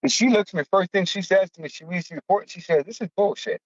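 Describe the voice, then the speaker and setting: A man's voice: sits high, quick pace, dry recording. A man telling a personal story on a podcast in blunt, profane, casual slang, with emphatic outbursts. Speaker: podcast guest. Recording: dull lo-fi, dry.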